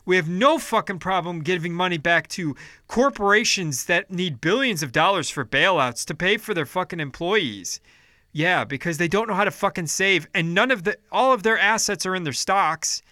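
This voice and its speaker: A man's voice: high voice, animated, moderate pace, pushed and bright, dry recording. A man delivering a heated, profane political rant, upset and frustrated, often restarting his sentences. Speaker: vlogger.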